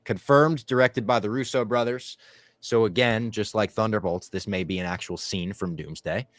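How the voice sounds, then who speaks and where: A man's voice: lowish voice, normal speed, no echo, clean studio sound. A man co-hosting a podcast, talking animatedly through a casual movie review and swearing freely. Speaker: podcast co-host.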